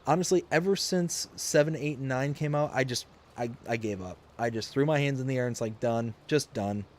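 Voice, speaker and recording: A man's voice: medium pitch, brisk, a little hiss or hum. Chuckling man streaming from home. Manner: rambling, chuckles often, jokey. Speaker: live streamer. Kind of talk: casual chat while gaming. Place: home office.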